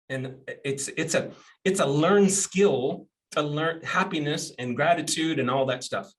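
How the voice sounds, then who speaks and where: Blunt, animated man, podcast host. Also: a little high, unhurried. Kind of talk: casual conversational podcast.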